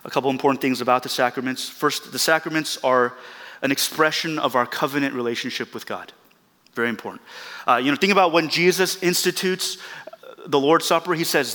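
A male pastor preaches an earnest, emphatic sermon, his voice bright, forceful, a little high and fairly quick. He piles up repeated phrases for emphasis, and his words echo with a long reverb through the church hall.

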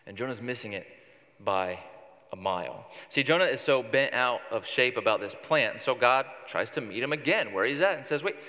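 A man's voice: mid-range voice, normal speed, bright, forceful tone, big-room sound. A male pastor giving a sermon, retelling a scripture story in a conversational, wry way.

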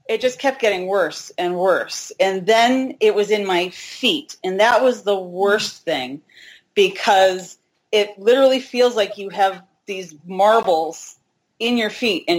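A woman's voice: medium pitch, unhurried, low-quality recording. A woman in her forties, a hiker, telling a personal story in a candid, chatty way with self-deprecating humor. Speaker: interview guest, hiker.

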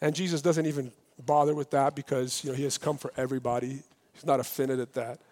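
A man preaching a sermon, lively and emphatic, acting out the dialogue of scripture with rising intensity. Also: medium pitch, fast talker. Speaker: pastor. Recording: long hall reverb.

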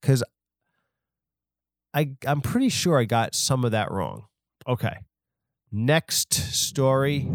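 A man's voice: mid-range voice, expressive, slow, pauses often, music in the background. A man hosting a podcast, rambling through an off-the-cuff comedic story and mocking himself as he goes. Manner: self-deprecating, rambling, off the cuff. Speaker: podcast host.

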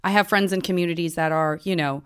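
A woman's voice: on the low side, steady tone, fast talker, clean tone. Chatty woman host from Tucson. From Tucson, USA. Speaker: podcast host. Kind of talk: casual conversation.

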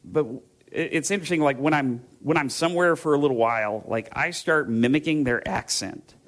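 A man's voice: on the high side, a little fast, fairly bright tone. A man pastor giving a conversational sermon, rambling through personal stories with fillers and restarts before turning to scripture. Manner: casual, rambling storytelling with fillers and self-interruptions.

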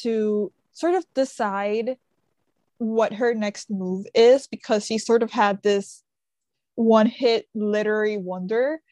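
A woman's voice: mid-range voice, darkish tone, dry recording. A woman podcast co-host retelling a book plot in casual chat, full of "like" and "sort of" fillers. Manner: chatty, frequent fillers like "sort of" and "like".

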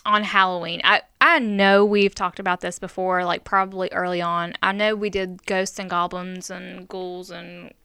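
A woman's voice: on the low side, little pitch movement, pushed and bright, smooth, no echo. A woman hosting a casual chat show, steering the talk with frequent "um"s. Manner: steers the topic, fills pauses with "um". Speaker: podcast host.

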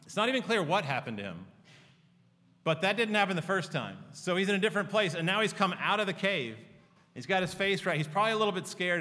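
Guy preaching a sermon, earnest and chatty, bright forceful voice, long echo from a big church hall. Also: on the high side. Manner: earnest, conversational, with personal stories. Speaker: pastor. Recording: long reverb of a large hall.

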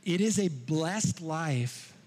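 A man preaching a sermon to his congregation, animated, swinging between loud emphasis and hushed asides. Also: fairly high pitch, takes it slowly, breathy edge. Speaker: pastor. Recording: long hall reverb.

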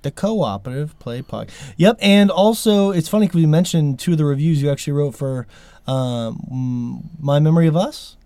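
A man's voice: a little high, lively intonation, normal speed, mellow, dry recording. A man hosting a podcast in casual chat, talking emphatically and grumbling with frustration. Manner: emphatic, exasperated, sweary. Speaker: podcast host.

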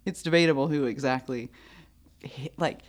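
A woman with a very low voice tells a story in a relaxed conversation. She is animated, laughs often and acts out what people said. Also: moderate pace. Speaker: storyteller in a chat. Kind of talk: casual chat.

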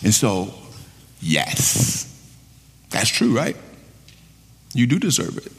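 A man's voice: fairly low pitch, sing-song, slow pace, husky, big-room sound. A male pastor preaching a sermon emphatically, repeating key phrases for weight.

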